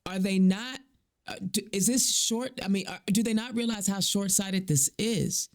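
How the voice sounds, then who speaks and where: A man from Indiana hosting a casual political talk show, animated and rising in pitch when indignant. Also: normal speed. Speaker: host.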